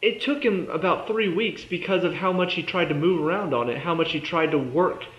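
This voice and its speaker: A man's voice: on the high side, a little fast, fairly bright tone. A young man giving a casual, exasperated review of a TV episode, sarcastic and fond of mimicking the characters. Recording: echoey room, dull lo-fi sound.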